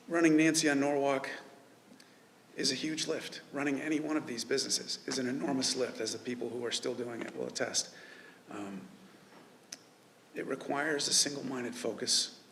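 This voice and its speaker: A man who runs a news website speaking at a memorial service, halting with many filler pauses. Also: mid-range voice, creaky, sharp tone, a little hiss or hum. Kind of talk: memorial tribute speech. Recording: reverberant hall with faint ambience.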